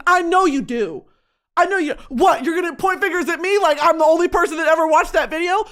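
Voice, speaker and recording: A woman's voice: extremely high pitch, fairly quick, fairly bright tone. A young woman vlogging in a casual confessional rant, profane and dramatic, breaking into shrieks and comic voices.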